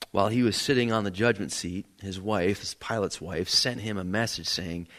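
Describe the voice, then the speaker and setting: A man's voice: lowish voice, a bit bright. A man preaching a sermon in a church, earnest, often repeating words as he builds a point. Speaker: pastor. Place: church sanctuary.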